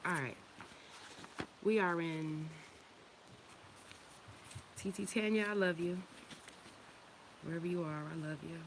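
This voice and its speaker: A woman's voice: lowish voice, steady tone, slow pace, long pauses, a little hiss or hum. Woman talking loosely and from the heart. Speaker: livestream host. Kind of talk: casual spiritual livestream talk.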